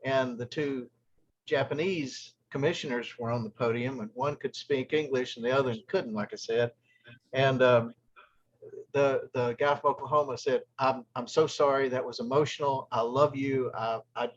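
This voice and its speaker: A man leading a group discussion, telling a long story in a halting way, with many restarts. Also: medium pitch, dull audio.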